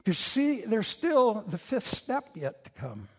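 A man preaching a sermon, an animated storyteller who mocks himself with humor and bursts into loud emphasis. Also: high voice, slow pace, slightly rough. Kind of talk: sermon with personal stories. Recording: long hall reverb.

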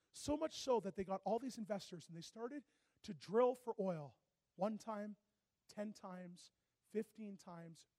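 High-voiced fervent male preacher. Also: no room sound. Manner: fervent, rising to shouted exhortations; calls for congregation response. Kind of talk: sermon.

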